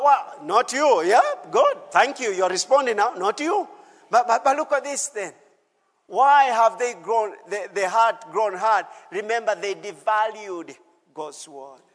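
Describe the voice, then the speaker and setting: High-voiced man preaching in a reverberant church. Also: a bit bright. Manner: exhorting, repeats phrases and prompts the congregation. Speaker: pastor. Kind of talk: sermon with call-and-response. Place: church service. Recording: long reverb of a church hall.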